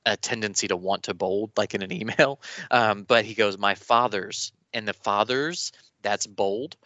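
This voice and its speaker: A man co-hosting a podcast in casual chat, rambling and animated with many restarts. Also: on the low side, moderate pace, no echo, dull audio. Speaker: podcast co-host.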